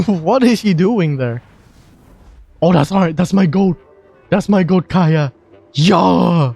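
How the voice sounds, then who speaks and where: Young man, streamer, casual commentary, unhurried, self-mocking. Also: high-pitched, creaky, a little mellow, slightly rough, faint music behind. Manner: joking, swears, laughs at himself.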